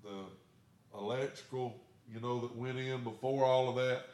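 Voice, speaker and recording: A man's voice: mid-range voice, steady tone, moderate pace, darkish tone, echoey room. A man, a pastor telling a story in a sermon in a plain, folksy way. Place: church sanctuary.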